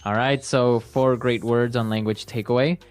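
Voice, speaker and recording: A man's voice: medium pitch, steady tone, moderate pace. A man hosting an English lesson podcast, moving through the phrases with short prompts and recaps. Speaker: podcast host and English teacher.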